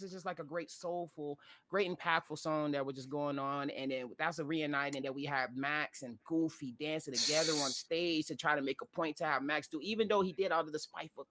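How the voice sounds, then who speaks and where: A man's voice: high voice, bright, forceful tone, slight background noise. A man co-hosting a casual podcast chat, talking in an emotional, dramatic and apologetic way that rambles on. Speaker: podcast co-host.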